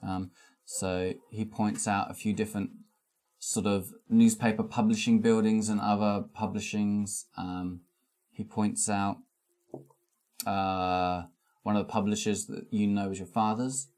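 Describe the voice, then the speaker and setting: A man narrating a tabletop game as game master, hesitant, with many pauses and ums. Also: lowish voice, level tone, a little mellow.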